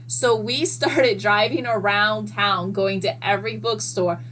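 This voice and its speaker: A woman guest in a casual podcast chat, telling stories in an animated way and swearing freely. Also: mid-range voice, measured pace, a little hiss or hum, poor audio. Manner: animated, profane storyteller.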